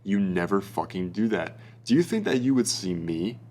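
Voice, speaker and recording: A man's voice: sits low, animated, moderate pace, a little mellow. A young man giving casual dating advice as a coach, blunt and profane, calling the listener bro.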